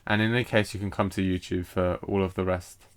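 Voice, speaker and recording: Very deep-voiced man teaching poetry. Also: level tone. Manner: hesitant, lots of fillers and restarts; reads poetry lines aloud slowly with stress. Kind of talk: recorded lesson explaining a poem.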